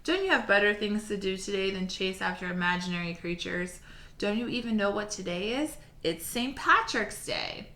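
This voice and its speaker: A gruff older uncle who waves off foolishness, talking in a brisk, scolding, matter-of-fact way, as a woman reading aloud puts him on. The voice is bright and forceful. A roomy echo surrounds it. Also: medium pitch, lively intonation. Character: gruff no-nonsense Irish uncle, older man.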